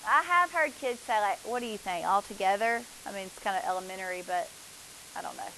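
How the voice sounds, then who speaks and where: A woman's voice: medium pitch, fairly quick, bright, forceful tone, slight background noise, rough recording. A woman, teaching a math class, asking students questions and praising their answers.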